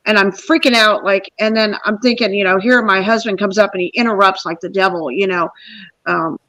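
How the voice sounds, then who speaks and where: A middle-aged woman hosting a podcast, telling a personal story in a rambling, animated way and acting out the people she quotes. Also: medium pitch, a little fast, no echo, poor audio. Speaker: podcast host. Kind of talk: casual storytelling.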